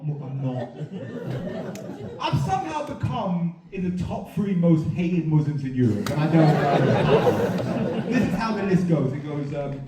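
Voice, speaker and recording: Guy doing stand-up, lively pitch, echoey room, crowd roaring. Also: very noisy. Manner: animated, swings between muttered asides and loud punchlines. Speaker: stand-up comedian. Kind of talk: stand-up comedy set. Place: comedy venue with a live audience. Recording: roomy venue, mic heard from a distance, loud crowd laughter.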